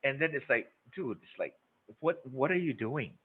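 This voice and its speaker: The trainer's mid-range voice is husky and animated, moving at a moderate pace. Leading a live sales webinar, he hammers points home, repeats himself and keeps asking the audience "okay?" or "right?", all through narrow, phone-like sound.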